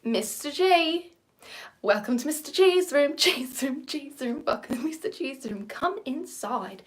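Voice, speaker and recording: A woman's voice: high voice, lively intonation, measured pace, pitched above the performer's own voice. A woman putting on a showy Aussie drama teacher. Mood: showy welcome. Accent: Australian, as a put-on imitation. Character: flamboyant male drama teacher, theatrical and welcoming.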